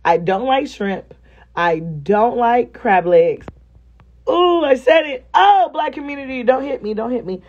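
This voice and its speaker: A woman's voice: fairly high pitch, lively intonation, unhurried, a little mellow, muffled recording. A woman vlogger chatting casually and expressively straight to her viewers. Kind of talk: casual vlog chat to viewers.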